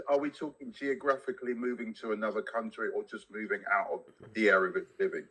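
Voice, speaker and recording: A man's voice: mid-range voice, sharp tone, poor audio. A man on a podcast chatting casually and jokily, often stopping and restarting his sentences. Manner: halting, restarts often, jokey. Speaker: podcast co-host.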